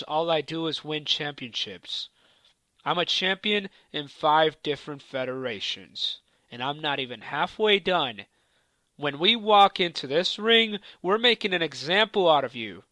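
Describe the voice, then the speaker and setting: Forceful cocky man cutting a wrestling promo. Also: fairly high pitch, expressive, unhurried, no room sound. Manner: cocky, taunting, profane. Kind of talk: trash-talking wrestling promo.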